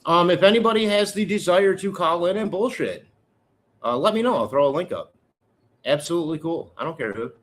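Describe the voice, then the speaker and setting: A man's voice: high-pitched, animated, fairly quick. A middle-aged man hosting a casual live chat with viewers, talking in a rambling, candid way with joking asides. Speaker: livestream host.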